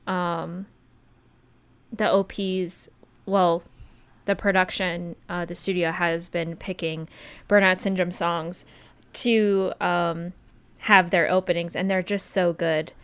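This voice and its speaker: A woman co-hosting a podcast, talking casually in a slow, halting way with many fillers. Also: medium pitch, clear, resonant tone. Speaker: podcast co-host.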